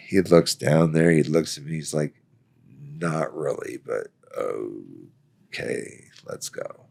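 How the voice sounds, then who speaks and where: A man's voice: rumbling low, very animated, takes it slowly, vocal fry, fairly bright tone, slightly rough. A man from Florida, a veteran, telling a story casually, acting out the quoted lines and laughing often. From Florida, United States. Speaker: guest, Army veteran.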